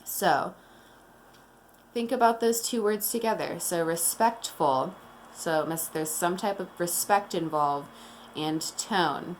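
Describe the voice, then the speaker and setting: Slow, calm woman teacher. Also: on the low side, slight background noise. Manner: slow, calm and deliberate, explaining to young children. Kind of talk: classroom morning meeting lesson.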